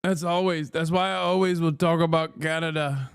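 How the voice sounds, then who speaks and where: A man reacting to a clip on a livestream, ranting sarcastically and quickly. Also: on the high side, fairly even intonation, clear, resonant tone, dry recording, studio quality.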